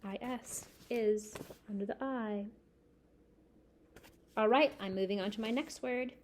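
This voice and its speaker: With slight noise in the background, a mid-range female voice leads young children through a recorded spelling lesson, slowly and clearly sounding out each letter of a word and asking them to say it back.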